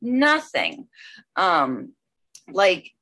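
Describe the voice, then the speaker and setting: A woman with a bright, clear voice sharing her own recovery story at an online meeting. She rambles, full of "um" and "like," then rushes ahead in quick, excited bursts. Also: on the low side. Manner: rambling, filler-heavy, with bursts of excited speed.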